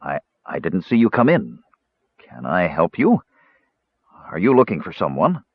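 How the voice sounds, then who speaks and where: A husky, stammering cleric, lost and confused, as a man reads him in a storybook. His lowish voice jumps around a lot, and the recording sounds dull and dry. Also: huge pitch swings, measured pace, dry recording, exaggerated voice. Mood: mystified. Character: bewildered middle-aged male human cleric.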